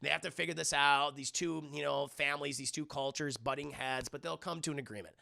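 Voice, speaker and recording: A man streaming live, recapping a movie in a casual, animated, profane way and talking to his chat. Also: on the high side, a little fast, gravelly.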